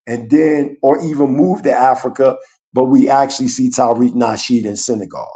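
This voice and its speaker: A man's voice: mid-range voice, steady tone, moderate pace, warm tone. A man who is a guest on a livestreamed chat, talking earnestly, rambling and searching for words.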